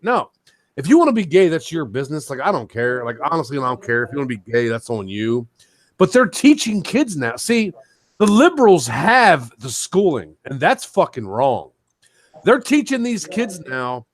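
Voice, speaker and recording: A man with a fairly high voice rants on a talk show, swinging up and down in pitch as he gets worked up. He swears loudly and pushes his voice higher when angry. The sound is dry and close. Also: very animated, normal speed, dry recording. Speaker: show host. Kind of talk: heated casual talk-show rant.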